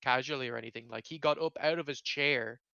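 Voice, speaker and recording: A man's voice: medium pitch, fast, creaky, bright, forceful tone, clear, resonant tone, no echo, highs cut off. A man hosting a casual podcast chat, rambling with lots of fillers and swearing freely. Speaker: podcast host.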